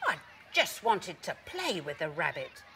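A woman voicing a naive, excitable young male dog who is amazed by everything. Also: fairly low pitch, measured pace, slight background noise, full character voice. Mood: happy.

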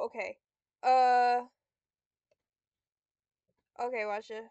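A woman's voice: a little high, little pitch movement, a little slow, pauses often, darkish tone, dry recording. A young woman giving casual gameplay commentary, swearing and snapping frustrated insults at a computer opponent. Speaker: gamer vlogger.

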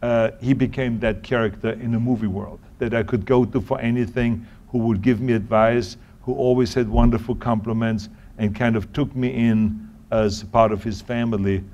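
A man with a German accent telling stories in an interview, talking quickly and often restarting his sentences. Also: mid-range voice, fairly even intonation, a little mellow, muffled recording. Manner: tumbling words, frequent restarts. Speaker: interview guest. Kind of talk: anecdotal interview answers.

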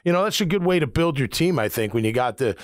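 A man's voice: mid-range voice, fast, no echo, clean studio sound. A middle-aged man, a former linebacker, hosting a sports radio show and telling locker-room stories with frequent laughter. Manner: storytelling, laughs often, animated. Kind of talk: casual sports talk.

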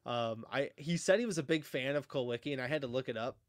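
A man's voice: mid-range voice, quick pace, no echo. A man co-hosting a podcast in casual chat, joking and laughing often. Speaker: podcast co-host.

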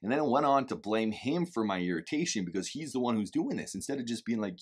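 A man giving a casual, candid talk to camera about parenting, animated and swinging to loud emphatic bursts, swearing now and then. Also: mid-range voice, moderate pace, hardly any pauses, slightly rough. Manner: occasional swearing. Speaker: parenting vlogger.

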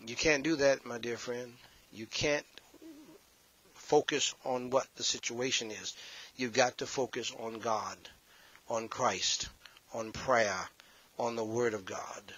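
A man's voice: medium pitch, pushed and bright. A male pastor preaching a sermon, scolding and addressing the congregation directly, heard on a dull, slightly lo-fi recording.

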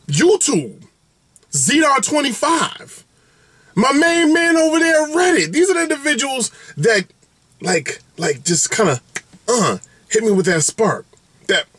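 Animated high-voiced man vlogging. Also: husky, no echo. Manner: exuberant, playful, big swings in pitch and catchphrases. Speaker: food reviewer vlogger. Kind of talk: animated direct-to-camera vlog update.

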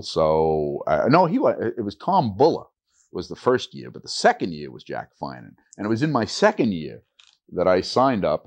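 An older man, a retired teacher, reminisces in a relaxed oral-history interview. His voice sits a little low but rises and falls with wide, lively swings. He slips into the voices of the people he quotes as he tells each story. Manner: animated storyteller who acts out quoted voices.

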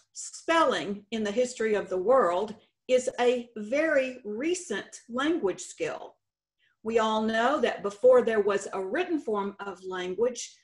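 A woman with a Texan accent giving a conference presentation with slides, explaining slowly and deliberately, stretching out example words. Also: a little high. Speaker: state contest director presenting. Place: conference session room.

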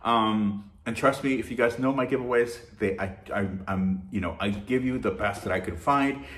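A man hosting a shopping channel, chatting casually and warmly thanking his viewers in an effusive, heartfelt way. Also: lowish voice, moderate pace. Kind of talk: casual vlog chat to viewers.

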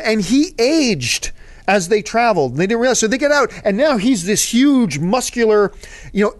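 In a dry recording, a man with a high voice hosts a casual movie chat, answering viewer mail. He talks like an eager fan, rambling and drifting off into asides.

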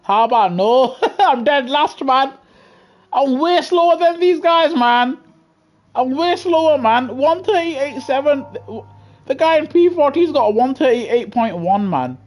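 Commentating live on a racing game, this British gaming streamer is talkative and excitable, with frequent laughter and mock-outraged grumbles. He speaks at a measured pace in a very high voice, using a gaming headset mic.

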